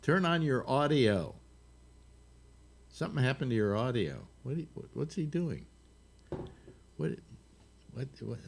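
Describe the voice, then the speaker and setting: Lively rambling man in his eighties. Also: medium pitch, measured pace, vocal fry, long pauses, slightly rough. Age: 80s. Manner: rambling, lively, explains at length with many restarts. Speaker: host. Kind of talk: casual video call chat. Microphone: video call.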